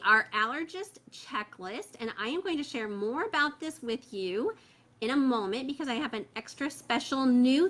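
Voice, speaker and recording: The host of a parent membership group, a woman with a slightly high, sharp voice, runs a parents' livestream from a phone held close. Her chat is casual and filler-heavy, and she reads out viewer comments.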